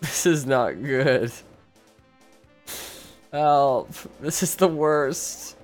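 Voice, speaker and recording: A man's voice: on the high side, extremely slow, long pauses, soft background music. A man streaming a game live, complaining in an exasperated, dramatic way and laughing a lot at his own troubles. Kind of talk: casual live gameplay commentary.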